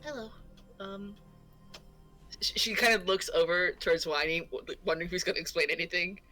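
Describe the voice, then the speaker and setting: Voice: medium pitch, fairly even intonation, fairly quick, sharp tone, faint music behind. A player in a casual tabletop game, speaking hesitantly and politely. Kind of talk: casual tabletop role-play.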